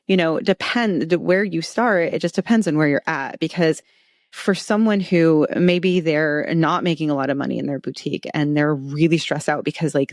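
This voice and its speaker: A low-pitched woman, middle-aged, speaking as an animated podcast guest. She laughs easily and acts out little quotes as she talks. The sound is close and dry, with no room around it. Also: no echo. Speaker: guest expert on retail stress. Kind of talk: podcast interview.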